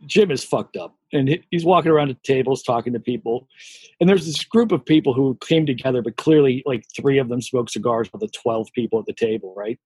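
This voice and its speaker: A man's voice: medium pitch, brisk, a little mellow, slightly rough, no room sound. A man co-hosting a podcast, telling crude, laughing anecdotes in casual chat. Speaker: podcast co-host.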